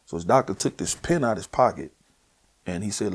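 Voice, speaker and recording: A man with a New Orleans accent telling his personal testimony, earnest and emotional, at times sinking to a hushed near-whisper. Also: fairly low pitch, animated, fairly quick, slightly rough. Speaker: guest sharing his testimony.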